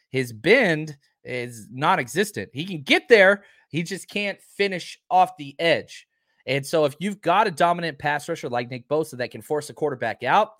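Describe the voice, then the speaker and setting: Guy hosting a live stream, energetic and emphatic, mid-pitch voice, dry close mic. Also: no echo. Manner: energetic, emphatic, reads viewer comments. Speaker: podcast host. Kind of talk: casual live-stream chat.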